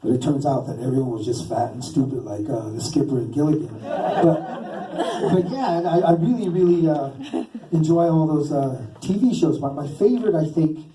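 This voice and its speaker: A man's voice: fairly high pitch, normal speed, warm tone. A man doing stand-up storytelling, rambling and self-deprecating with many fillers and restarts. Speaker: stand-up comedian. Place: live comedy stage. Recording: roomy hall, distant mic, faint hiss.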